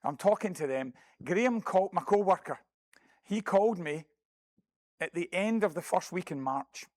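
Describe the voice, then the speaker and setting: A man's voice: high voice, animated, normal speed, a little mellow, no room sound. A middle-aged man giving a mission report to a congregation, telling a story and acting out phone calls with earnest, self-deprecating asides. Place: church building.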